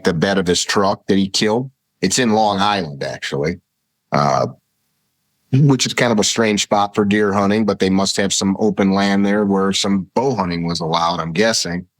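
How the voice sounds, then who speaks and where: Low-voiced man telling blunt stories. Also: no echo. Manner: rambling, vivid anecdotes with acted-out quotes. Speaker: podcast guest, firearms instructor. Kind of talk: casual storytelling conversation.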